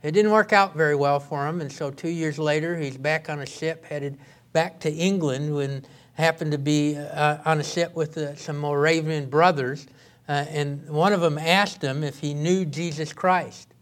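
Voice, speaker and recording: A male pastor preaching a sermon in an earnest way, often halting and restarting his sentences. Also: on the high side, fairly even intonation.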